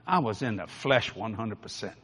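Preacher, male, New Orleans accent, bright emphatic voice, folksy storytelling in a reverberant hall. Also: lowish voice, animated, normal speed, slightly rough. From New Orleans, Louisiana. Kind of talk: storytelling sermon.

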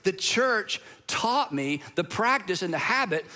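Conversational pastor, bright voice. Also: male voice, sits high, lively intonation, unhurried. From Southern United States. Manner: conversational storytelling with asides. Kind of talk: sermon.

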